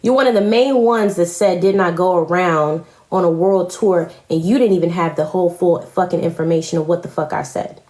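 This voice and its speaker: Brisk and rarely pausing, this woman speaks in a fairly low, dark-toned voice. She's heatedly ranting on a live stream, going after other commentators with plenty of swearing and repetition, all captured in an echoey room.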